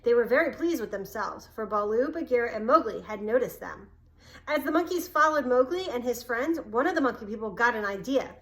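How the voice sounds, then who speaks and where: A woman's voice: on the high side, expressive, brisk, fairly bright tone, poor audio. Woman reading a storybook aloud. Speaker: narrator.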